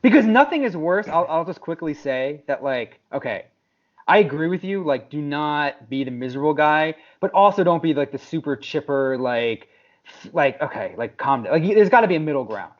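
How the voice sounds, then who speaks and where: Animated ranting man, lo-fi sound. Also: normal speed. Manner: ranting, mimics people in exaggerated high voices. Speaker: podcast co-host. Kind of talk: casual chat. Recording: dull lo-fi sound.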